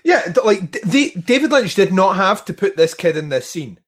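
A man co-hosting a podcast in casual chat, animated, laughing often and swearing casually. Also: high-pitched, moderate pace. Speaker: podcast co-host.

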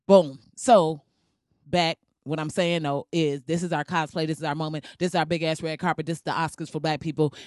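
A podcast host telling stories in casual, comedic chat, animated and full of slang and swearing, laughing often. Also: medium pitch, brisk, no echo, studio quality. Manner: animated, slangy, profane storytelling with frequent laughs.

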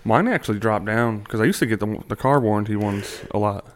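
A man's voice: on the low side, brisk, a little hiss or hum. Profane, laughing young man podcaster. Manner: loose, profane storytelling with laughs. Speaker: podcast co-host. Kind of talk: casual chat.

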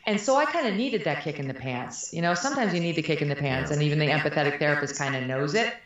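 A low-voiced middle-aged woman with lively intonation talks at a quick pace, captured with lo-fi sound in a very echoey room. Guesting in a candid conversational interview, she is frank, animated, and quick to laugh.

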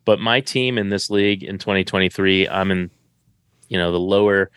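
Male co-host, casual rambling delivery, lowish voice, dry close sound. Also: steady tone, normal speed, a bit bright, clear, resonant tone, no room sound. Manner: rambling, self-correcting, upbeat. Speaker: fantasy football podcast co-host. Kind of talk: casual chat.

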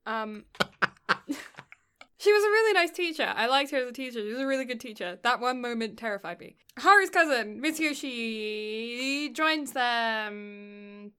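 A woman's voice: a little high, animated, a little slow, bright, forceful tone, smooth. A young woman in casual chat, telling stories in a rambling way and often laughing between words. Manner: rambling storyteller, often laughing mid-sentence.

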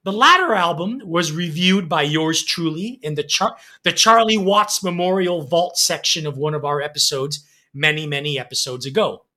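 Guy doing a music podcast, bright punchy voice, laughs a lot while reviewing albums. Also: on the high side, normal speed. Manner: enthusiastic, reads reviews with frequent laughs and ums. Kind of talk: casual music review chat.

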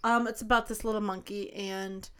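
A woman co-hosting a podcast, telling a rambling story in an animated, casual way. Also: mid-range voice, moderate pace, smooth. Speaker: podcast co-host. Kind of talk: casual chat.

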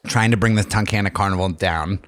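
A man's voice: low voice, steady tone, a little fast, a bit bright, dry recording. A young man co-hosting a podcast, joking and teasing as he tells stories in casual chat.

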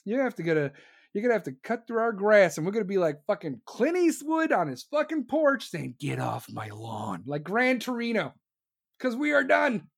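A host in full rant, swearing constantly and dripping with sarcasm. The voice sits at a middle pitch, and the talk runs fast and heated, hammering the same points over and over and slipping into mocking impressions of officials. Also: very animated. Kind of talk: profane ranting commentary.

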